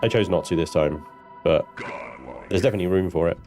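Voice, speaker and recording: Chatty low-voiced male game streamer. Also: quick pace, dark tone, soft background music. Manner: chatty, swearing, banters with chat. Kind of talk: live gameplay commentary.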